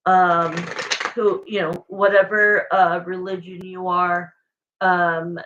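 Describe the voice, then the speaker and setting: A woman's voice: lowish voice, level tone, slow, fairly bright tone, lo-fi sound. A woman giving a live tarot reading to viewers in a rambling, emotional, chatty way, searching for words as she goes. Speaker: tarot reader.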